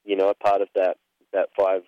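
A man calling in as a guest, talking in a halting way with many fillers and repeated words. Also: sits low, completely flat delivery, no room sound, lo-fi sound. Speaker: phone-in guest rider. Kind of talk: casual chat.

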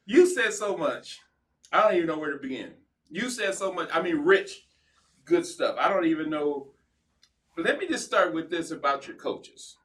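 A man's voice: fairly high pitch, expressive, normal speed, a bit bright. A man who is a former pro football player, speaking as a guest in a casual interview, affirming and reflective, often restarting his sentences. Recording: voice sounds distant from the mic.

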